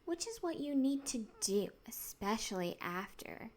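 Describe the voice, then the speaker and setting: Woman playing a bright, curious storybook girl, a bit indignant, higher pitch, whispered role-play. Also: very animated, a little slow, slight background noise. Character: lively, curious young girl.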